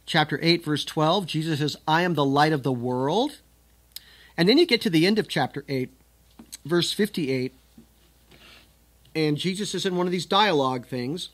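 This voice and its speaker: A man's voice: a little high, lively intonation, normal speed, long pauses, a bit bright. A man teaching scripture, reading the verses aloud with strong emphasis and then explaining them in a conversational way. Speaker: Bible teacher.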